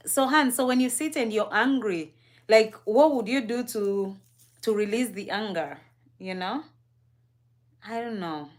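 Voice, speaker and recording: A woman's voice: fairly high pitch, a little slow. A young woman from Kenya chatting casually as a livestream co-host. She is curious and talkative, laughs often, and speaks to her co-host and the viewers in the chat.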